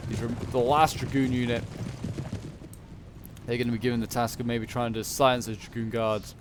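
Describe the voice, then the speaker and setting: A man giving relaxed, unscripted commentary on a strategy game battle, thinking aloud with frequent pauses. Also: medium pitch, background noise.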